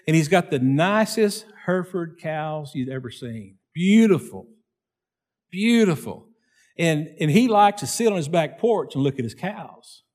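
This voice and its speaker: A man preaching a sermon, telling a folksy story before he asks the congregation questions. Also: a little high.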